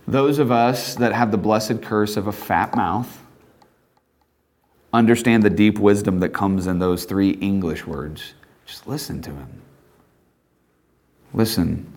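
A man preaching a sermon, retelling the gospel with animated asides and playful voices for the apostle. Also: slow pace, long pauses. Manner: animated, voices Peter in a high excited tone with laughs.

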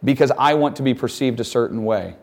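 A man's voice: mid-range voice, fairly quick, a little mellow. A man giving a conversational chapel talk to students, casual, with joking asides and acted-out quotes. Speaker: campus chapel speaker.

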